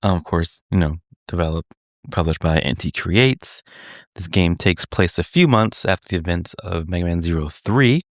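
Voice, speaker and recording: A man hosts a gaming podcast, his voice sitting very low. He laughs easily and sometimes slows into a deliberate storytelling delivery. The sound is close and dry, with no room echo. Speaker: podcast host. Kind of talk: casual podcast chat with dramatic read-aloud.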